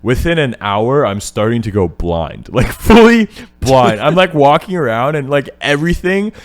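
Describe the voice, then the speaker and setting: Animated young man telling a story. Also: mid-range voice, normal speed. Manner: animated, says "like" constantly. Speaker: podcast guest. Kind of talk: casual storytelling.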